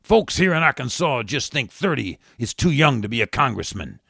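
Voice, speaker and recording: A man gives, nearly in his own voice, an apologetic male campaign manager, lively in pitch with a gravelly, husky grain. The sound is dry and close. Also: normal speed, no echo, heavily acted. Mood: consoling. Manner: consoling.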